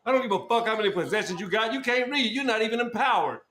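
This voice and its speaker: A man hosting a podcast who berates his guest in a loud, repetitive, profane rant. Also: high voice, expressive, quick pace. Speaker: podcast host. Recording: echoey room with faint noise.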